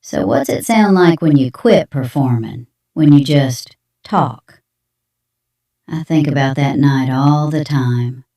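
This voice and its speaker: A woman's voice: very deep voice, slow pace, dark tone, echoey room, distant mic, full character voice. An AI voice playing a young Southern woman with a Southern accent, leaving a plain-spoken, defiant voicemail. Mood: wistful. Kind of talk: AI voice reading a monologue.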